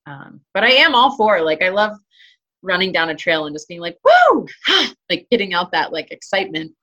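A woman with a notably low-pitched voice talks through her answers in a loose, conversational way. She fills pauses with ums and likes, and restarts her sentences as she goes. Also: animated, bright, forceful tone. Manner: chatty, many fillers and restarts. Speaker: interview guest, hiker and trail runner. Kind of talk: casual interview talk.

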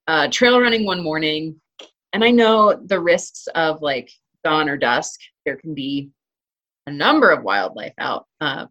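Woman w a low voice chatting about trails, lots of ums and restarts, easygoing. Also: a bit bright, dull audio. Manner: chatty, many fillers and restarts. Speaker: interview guest, hiker and trail runner. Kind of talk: casual interview talk.

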